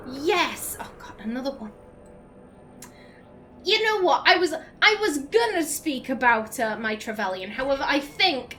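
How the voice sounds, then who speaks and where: A woman's voice: a little high, slight background noise. A woman streaming a game, reading in-game poems and letters aloud and reacting emotionally in casual commentary. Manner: expressive, quickly emotional, laughs and swears. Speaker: gaming streamer.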